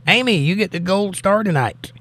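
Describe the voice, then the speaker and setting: An older man hosting a live stream, greeting viewers and reading their comments in an upbeat, animated way. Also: high voice, normal speed. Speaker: host.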